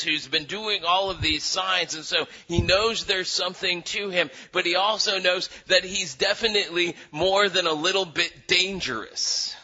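A man preaching a sermon and telling stories with voiced quotes. He often stumbles and repeats his words, on a dull lo-fi recording. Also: a little high. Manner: animated storytelling with voiced quotes, frequent restarts.

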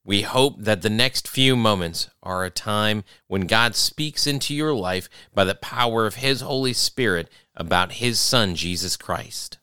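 Man, scripted church intro, lowish voice, bright tone, dry close sound. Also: clear, resonant tone, dry recording. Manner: measured, formal read. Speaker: announcer.

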